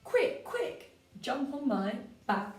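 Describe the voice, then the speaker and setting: Picture a high, squeaky storybook bunny, cheeky and hungry, hurrying someone along, as a woman puts it on. The voice jumps well above her usual pitch. It sounds roomy and a little far from the mic. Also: big pitch swings, faint music behind, heavily acted. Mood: urgent. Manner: hurried, repeated urging. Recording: roomy, from a distance.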